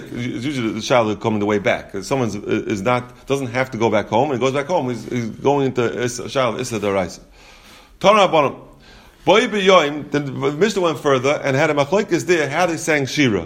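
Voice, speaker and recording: A man teaching a Talmud lesson, explaining the text step by step. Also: medium pitch. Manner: explains step by step, mixing Yeshivish terms into English.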